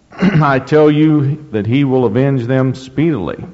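A man preaching a sermon, reading scripture slowly and deliberately, with rising emphasis and frequent throat clearing. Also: medium pitch, dark tone. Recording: dull lo-fi recording in a reverberant hall.

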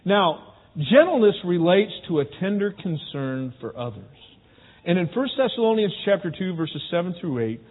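A man's voice: high voice, big pitch swings, moderate pace. Man, preacher, church sermon, talks to the congregation, reverberant hall, narrow lo-fi sound. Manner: conversational preaching, rhetorical questions to the congregation. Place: church sanctuary. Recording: phone-like, with long hall reverb.

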